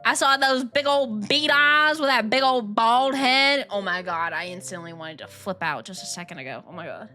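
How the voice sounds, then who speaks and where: While streaming a game with faint music behind her, a young woman rants casually, full of slang and laughter. Her voice is a little high, expressive and sharp, at a moderate pace with few pauses.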